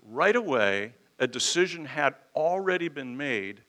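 A man delivers a sermon in a conversational but emphatic way, firing off rhetorical questions and homely asides. His voice is bright and sits a little high for a man, with a lively edge. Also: a little slow. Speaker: preacher. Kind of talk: expository sermon.

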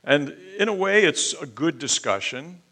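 Man, pastor, sermon, bright forceful voice, measured deliberate delivery. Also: expressive. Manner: soft, low-voiced prayer. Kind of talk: sermon with scripture reading and prayer.

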